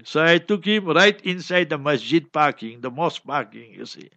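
An imam tells a chatty story during a question-and-answer talk. His voice is high and bright, and he keeps adding "you know". The sound is dry and dull, like a lo-fi recording. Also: moderate pace, dry recording. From South Africa.

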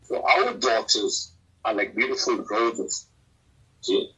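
Bright-toned preacher. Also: male voice, mid-range voice, animated, unhurried, husky, rough recording. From South Africa. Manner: earnest, exhorting, rising emphatically. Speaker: Islamic scholar answering questions. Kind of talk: preaching, lively religious talk.

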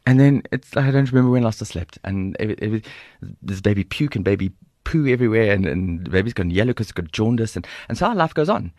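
A middle-aged South African man with a South African accent, a guest telling stories in an interview in an animated, humorous way. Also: fairly low pitch, fast talker, hardly any pauses, no room sound, studio quality. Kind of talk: storytelling interview.

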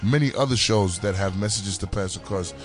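A young man co-hosting a radio show, telling quick jokey stories in casual banter. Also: fairly low pitch, faint music behind. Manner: quick, joking storyteller. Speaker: radio co-host.

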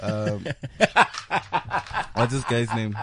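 A South African man, a comedian co-hosting a radio show, joking around and reading aloud haltingly in casual banter. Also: lowish voice, level tone, background noise. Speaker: comedian co-host.

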